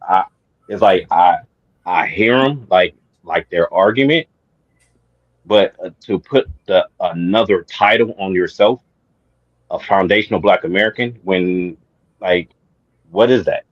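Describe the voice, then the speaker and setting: A man's voice: deep voice, a little slow, long pauses. A man on a talk-show panel, speaking hesitantly with many halts and restarts, sounding confused. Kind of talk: casual discussion. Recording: dull lo-fi sound.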